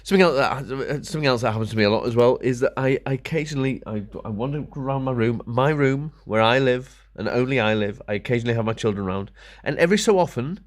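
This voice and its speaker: A man's voice: medium pitch, expressive, quick pace. A middle-aged man ranting casually to camera, grumbling and sarcastic, muttering to himself as he works. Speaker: vlogger.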